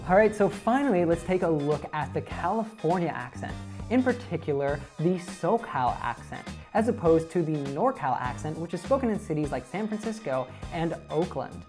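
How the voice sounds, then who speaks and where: Low-voiced woman teaching accents. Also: lively intonation, normal speed, few pauses, darkish tone, soft background music. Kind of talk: scripted narration of an accent lesson.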